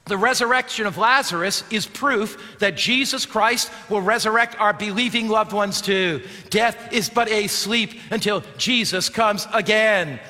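A male preacher giving a sermon, dramatic, swinging from loud calls to hushed, quiet lines. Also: high-pitched, measured pace, few pauses. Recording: long hall reverb.

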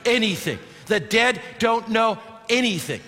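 A male preacher giving a sermon, dramatic, swinging from loud calls to hushed, quiet lines. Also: sits high, animated, a little slow. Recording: long hall reverb.

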